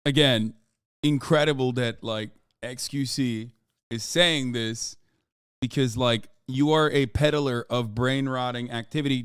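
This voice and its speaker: Guy streamer doing reaction commentary, cursing a lot, mid pitch, crisp voice. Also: fairly even intonation, measured pace, a bit bright, no echo, clean studio sound. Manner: profane, exasperated rants.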